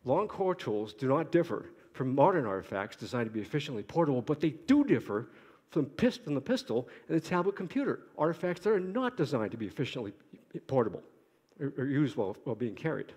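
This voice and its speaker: Middle-aged guy from boston giving a conference talk, talks fast, trips over himself, dry jokes, big hall echo. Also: mid-range voice, sing-song, a little mellow, breathy edge. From Boston, United States. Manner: quick-talking with restarts and wry self-addressed asides. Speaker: conference speaker, archaeologist. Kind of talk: academic conference lecture. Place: lecture hall. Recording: long hall reverb.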